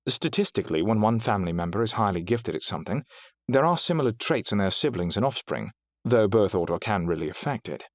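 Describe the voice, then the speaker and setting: A man's voice: lowish voice, big pitch swings, brisk, no echo, clean studio sound. A man voicing a refined, polite female AI companion with a British accent and precise, proper diction in an audiobook. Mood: courteous, poised. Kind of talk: audiobook character voice.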